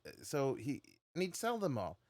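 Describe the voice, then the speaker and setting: A man's voice: medium pitch, huge pitch swings, normal speed, darkish tone, no echo. A man telling a funny anecdote in casual podcast chat, laughing at his own punchlines.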